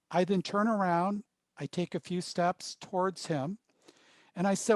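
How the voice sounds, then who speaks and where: A man leading a workshop, telling stories in short, paused phrases. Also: sits high, darkish tone, dry recording. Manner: storytelling, pausing in short phrases. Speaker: workshop trainer. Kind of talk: workshop presentation.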